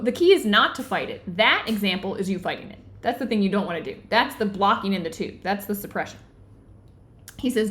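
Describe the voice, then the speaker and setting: Earnest woman teaching, checking in often. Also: medium pitch. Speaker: book club host and teacher. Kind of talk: live online book discussion.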